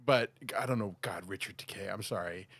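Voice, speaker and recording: A man's voice: low voice, fairly quick, a bit bright, no room sound, clean studio sound. A man co-hosting a podcast, stumbling over words and correcting himself in casual chat. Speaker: podcast co-host.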